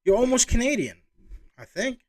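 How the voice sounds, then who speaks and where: High-voiced man rambling through a reaction video. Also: big pitch swings, moderate pace, darkish tone. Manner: rambling, chatty, exclaiming reactions. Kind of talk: casual reaction commentary.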